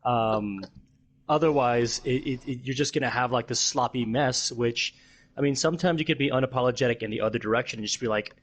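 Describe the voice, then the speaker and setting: A man's voice: mid-range voice, a little fast. A man co-hosting a podcast, thinking aloud in casual chat and often repeating words as he goes. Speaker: podcast co-host.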